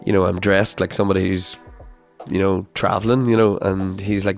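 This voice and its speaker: A young man talks through a personal story on his podcast, his voice sitting on the low side. He rambles, swears often and trips over restarts and fillers. Faint music plays underneath. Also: flat delivery, a little fast, vocal fry. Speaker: podcast host. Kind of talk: casual storytelling monologue.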